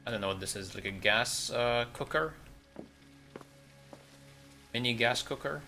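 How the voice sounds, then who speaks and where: A man's voice: mid-range voice, unhurried, gravelly, sharp tone, faint music behind. A man streaming a game, giving casual, blunt and sarcastic commentary, with some swearing. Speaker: gaming streamer.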